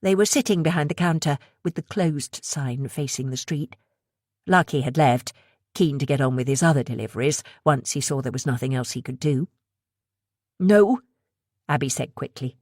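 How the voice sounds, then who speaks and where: A woman narrating a thriller audiobook in a steady, even reading voice. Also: very deep voice, a little fast, dry recording, clean studio sound. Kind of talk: scripted narration.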